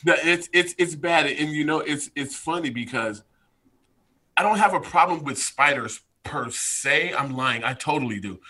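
Bright, animated male storyteller. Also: a little high, moderate pace. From United States. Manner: animated storyteller, addresses listeners directly. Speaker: podcast guest, strength coach. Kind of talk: casual chat, storytelling.

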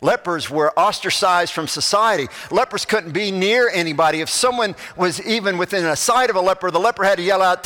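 A man preaching a sermon as pastor, moving between loud animated passages and soft, hushed ones. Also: sits high, a little fast, few pauses, in a large hall.

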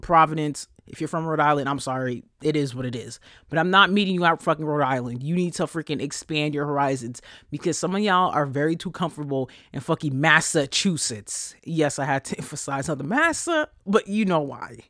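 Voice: brisk, a bit bright, dry recording. Solo podcast host, young adult, blunt sassy ranter with a mid-range voice, dry close sound. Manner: blunt, profane and sassy, with big swings in pitch. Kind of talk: casual ranting monologue.

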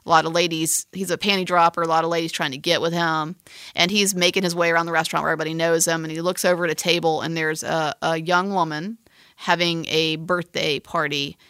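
Bright, teasing woman chatting. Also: deep voice, little pitch movement, fast, clear, resonant tone, dry recording, studio quality. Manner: chatty, teasing, rambling with restarts. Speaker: podcast co-host describing a film. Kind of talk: casual chat.

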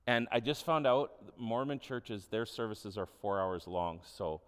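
A man's voice: on the low side, animated, slow pace, fairly bright tone, clear, resonant tone, long reverb tail. A man preaching a sermon as a pastor, earnest and conversational, with offhand asides. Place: church hall.

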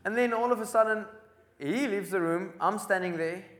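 A man from Africa, telling an animated testimony as a preacher and acting out the dialogue. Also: high voice, normal speed, reverberant. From South Africa. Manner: excitable storyteller who acts out dialogue.

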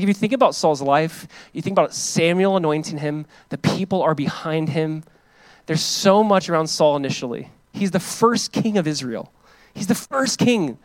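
A male pastor preaching a sermon, reading scripture aloud loudly and then explaining it in casual talk, acting out the biblical figures in quick, lively voices. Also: on the high side, no room sound, low-quality recording.

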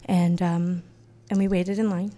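A woman telling a first-person personal story in a wry, self-mocking way, swinging from loud to hushed. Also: lowish voice, flat delivery, unhurried.

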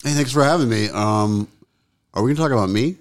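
A man's voice: medium pitch, fairly quick. A man being interviewed as a guest author, speaking in a casual, dry, joking way.

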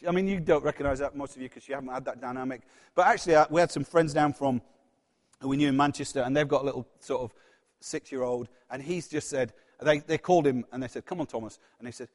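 A man's voice: medium pitch, lively intonation, quick pace. A middle-aged man preaching a sermon, earnest, often repeating words and acting out the voices he quotes. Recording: long reverb of a church hall.

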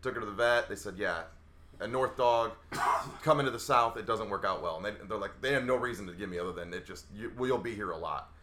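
A man's voice: fairly low pitch, brisk, bright, forceful tone, slight background noise. A man from the Chicago area, guesting on a podcast and telling a story in casual chat. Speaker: guest co-host.

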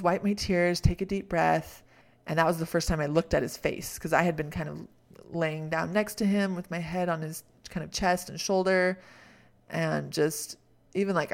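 A woman's voice: sits low, gravelly. A middle-aged woman hosting a podcast, telling a candid personal story and drawing coaching lessons from it, reflective and often laughing at herself. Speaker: podcast host.

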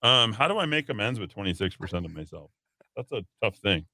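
A man's voice: fairly low pitch, sing-song, brisk, vocal fry, bright, forceful tone, no room sound. A man hosting a talk radio show, reading listener texts aloud with sarcastic jokes. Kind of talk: casual radio banter.

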